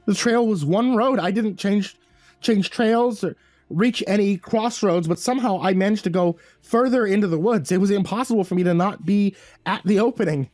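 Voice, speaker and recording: Guy reading a creepy story, kinda high voice, dry close sound, faint music under it. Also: normal speed, a little mellow, no echo. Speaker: horror story narrator. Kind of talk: first-person horror story narration.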